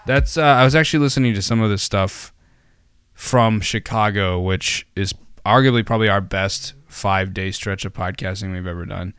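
A man's voice: lowish voice, normal speed, a bit bright, clear, resonant tone, dry recording, soft background music. A man hosting a casual podcast, rambling with many fillers and restarts and tossing in jokey asides. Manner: jokey, self-deprecating asides. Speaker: podcast host.

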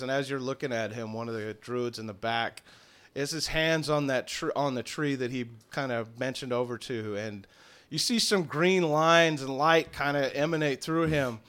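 A man narrating as game master of a tabletop game, playful and quick to laugh. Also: medium pitch, fairly bright tone, clean tone. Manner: playful, laughing, slips into mock Scottish druid voices.

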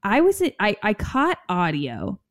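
Eager lady cohost asking stuff, really animated voice. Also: medium pitch, measured pace. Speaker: podcast co-host. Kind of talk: casual chat.

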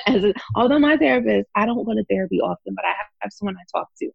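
A woman's voice: mid-range voice, lively intonation, fast talker, gravelly, slightly rough, no room sound, lo-fi sound. A woman, a life coach, talking frankly and laughing often as a guest in an interview. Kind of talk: casual interview conversation.

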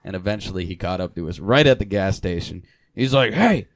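A man's voice: low-pitched, a little fast, no echo, studio quality. Laughing rambling man telling a story. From Michigan, US. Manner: rambling, laughs through his stories, swears freely. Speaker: podcast host. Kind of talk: casual podcast chat.

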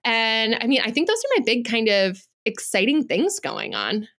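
A woman's voice: fairly high pitch, wildly swooping pitch, normal speed, a bit bright. A woman in her thirties, a business coach chatting as a podcast guest in a frank, upbeat way. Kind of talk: casual interview chat.

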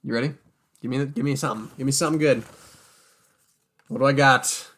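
A man in his twenties co-hosts a casual conversation about movies. He trades quick, upbeat banter in a mid-pitched voice. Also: fairly even intonation, a bit bright. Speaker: podcast co-host.

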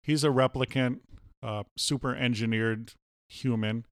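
A man's voice: mid-range voice, steady tone, measured pace, clear, resonant tone, dry recording, clean studio sound. A man co-hosting a casual movie review chat, firing off teasing questions.

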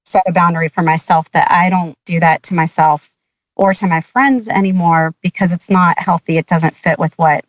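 An earnest woman asking for advice, hunting for the right words. Her voice is on the low side, and it comes through dull and dry. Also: moderate pace, dry recording. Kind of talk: conversation seeking advice.

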